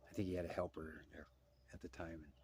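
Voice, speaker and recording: A man's voice: low-pitched, level tone, fast, darkish tone, breathy edge. A man telling a personal spiritual story casually, rambling and repeating phrases, at times murmuring a prayer.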